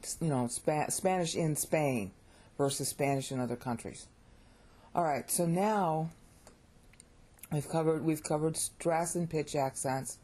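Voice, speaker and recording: A woman's voice: deep voice, measured pace, pauses often, dark tone. Opinionated American woman teaching pronunciation. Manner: opinionated, repeats words while thinking aloud. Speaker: language teacher. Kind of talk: informal lesson on pronunciation.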